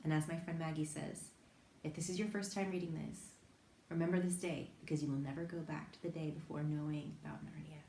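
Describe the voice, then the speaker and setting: A woman reading a children's novel aloud, telling it gently and with lively voices for the children. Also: low-pitched, a little fast. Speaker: reader. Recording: echoey room, faint background hiss.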